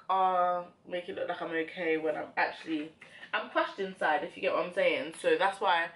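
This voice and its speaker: A young woman with a low-pitched voice talks through her makeup routine in a relaxed vlog. She speaks in a reflective, rambling way, full of "like" and restarts. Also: normal speed. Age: young adult. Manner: reflective, rambling, many fillers. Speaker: beauty vlogger. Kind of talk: casual chat while doing makeup.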